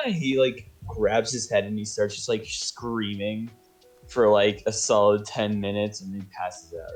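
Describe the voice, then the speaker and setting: A man's voice: lowish voice, steady tone, a little slow, faint music behind. A man narrating as game master in a casual tabletop session, his voice sore, talking loosely with lots of fillers. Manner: loose, filler-heavy, laughing.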